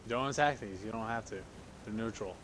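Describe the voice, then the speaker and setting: A man's voice: on the low side, quick pace, fairly bright tone, a little hiss or hum. A young man chatting casually while co-playing a video game, laid-back and teasing, laughing often. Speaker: gamer co-playing. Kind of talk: casual gameplay chat.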